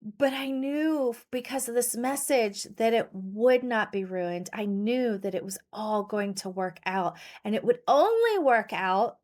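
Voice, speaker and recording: A woman's voice: on the high side, lively intonation, unhurried, a little mellow. A woman hosting a solo podcast, talking earnestly and telling personal stories to coach her listeners. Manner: earnest, personal storytelling with occasional laughs. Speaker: podcast host and pet-business coach.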